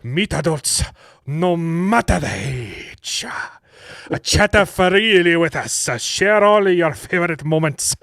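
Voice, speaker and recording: A man reading a spam dating ad in a put-on Indian accent, slow and sing-song, breaking into laughter. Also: a little high, lively intonation, a bit bright, no room sound, clean studio sound, pitched above the performer's own voice, exaggerated voice. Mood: mock-announcing.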